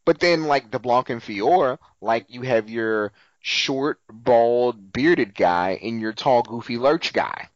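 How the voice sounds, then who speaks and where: A man co-hosting a casual podcast, recapping a TV episode with animated storytelling, acting out the characters' lines and swearing freely. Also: medium pitch, slow pace, hardly any pauses, no room sound, lo-fi sound. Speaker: podcast co-host.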